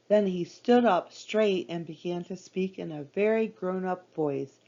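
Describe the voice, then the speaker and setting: Female storybook narrator, slow and calm, low-ish voice, muffled recording. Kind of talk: children's story read-aloud. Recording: dull lo-fi recording.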